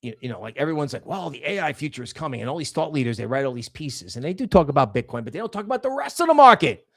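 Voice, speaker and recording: A man's voice: mid-range voice, sing-song, racing, fairly bright tone. Rambling man. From New York area. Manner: rambling, emphatic, with frequent restarts. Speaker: crypto livestream host. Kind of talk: casual livestream commentary.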